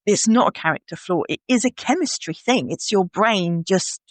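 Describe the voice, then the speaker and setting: A woman's voice: mid-range voice, expressive, moderate pace, no echo. Chatty woman podcast host, dry close sound. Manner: chatty, acts out her inner voice in little quoted scenes. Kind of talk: casual chat.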